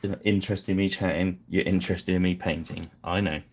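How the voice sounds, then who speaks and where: A man's voice: sits low, steady tone, fast talker, darkish tone. A man hosting a live painting stream, chatting casually and apologizing with self-deprecating asides.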